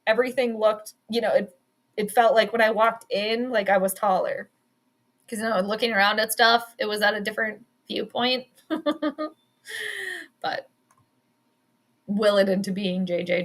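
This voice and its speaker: A woman's voice: mid-range voice, fairly bright tone. A woman hosting a sports show in a casual livestream chat, bubbly and chatty, laughing often as she reads viewer comments. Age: adult. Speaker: sports podcast host.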